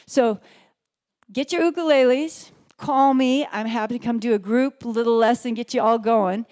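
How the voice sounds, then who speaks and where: A woman's voice: on the high side, normal speed, a little mellow. A woman giving an earnest, rambling, chatty talk to a live audience as a summit speaker and ukulele teacher. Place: event hall. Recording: echoey hall with ukulele music.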